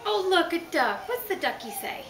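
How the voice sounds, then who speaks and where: A woman's voice: very high-pitched, big pitch swings, normal speed, over music. A woman reading a picture book to her toddler, talking in sing-song baby talk and coaxing him with repeated questions. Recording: roomy home video from a distance, background noise.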